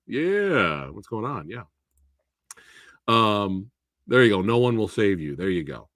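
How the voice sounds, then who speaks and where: A man hosting a live movie review, talking in a casual, animated way and slipping into exaggerated quoted voices. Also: fairly low pitch, slow pace, pauses often, no echo, clean studio sound. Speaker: host of a movie review show.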